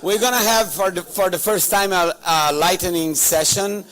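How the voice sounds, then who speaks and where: Male conference emcee, high voice, playful, joking, loose halting delivery. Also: fairly bright tone, faint music behind. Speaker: conference host.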